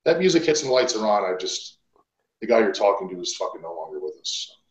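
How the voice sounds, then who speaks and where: A man's voice: fairly low pitch, fast. A man guest on a wrestling podcast, telling stories bluntly with lots of swearing. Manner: blunt, profane, animated storytelling. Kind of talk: casual podcast interview storytelling. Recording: roomy echo.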